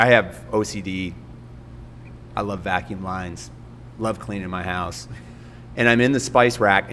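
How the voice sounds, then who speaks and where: Guest storyteller, lower-pitched man, animated and self-mocking, reverberant room with faint noise. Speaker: podcast guest. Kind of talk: casual storytelling.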